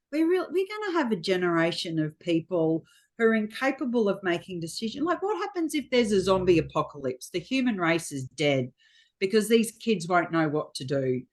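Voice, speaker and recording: A middle-aged Australian woman, a frank, chatty guest telling stories in a casual interview. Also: mid-range voice. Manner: frank, chatty storyteller acting out quotes.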